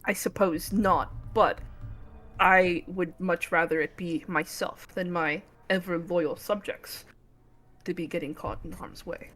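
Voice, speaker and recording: A woman's voice: lowish voice, fairly even intonation, measured pace, a bit bright, soft background music. Woman playing a proud young forest lord. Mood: regal. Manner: formal, regal speech. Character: proud young male forest ruler, lonely.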